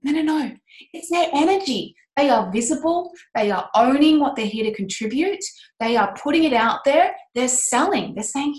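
A woman with a fairly high voice talks through her ideas with passion and emphasis, candid and now and then swearing. Her voice rings in an echoey room. It sounds like a casual podcast chat. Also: lively intonation, moderate pace, darkish tone. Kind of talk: casual podcast chat about business and mindset.

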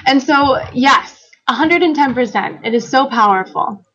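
A woman guest telling a personal story in a conversational interview, animated, laughing often and acting out quoted lines. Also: high-pitched, moderate pace, slightly rough, lo-fi sound. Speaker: guest author.

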